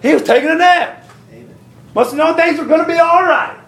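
Gravelly, high-voiced preacher in an echoey church. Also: male voice, brisk, background noise. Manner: folksy, animated preaching that acts out voices. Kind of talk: sermon. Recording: echoey church hall with congregation. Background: congregation calling out amens.

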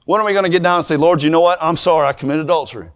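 A young man preaching a sermon, moving from plain talk to fervent, shouted preaching. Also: on the high side, rapid-fire.

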